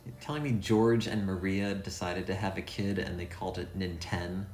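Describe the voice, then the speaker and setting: A man's voice: sits low, moderate pace, few pauses, a little mellow, slight background noise. A man streaming a game, rambling and thinking aloud with a self-deprecating, offhand manner. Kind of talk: casual let's-play commentary. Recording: echoey room sound.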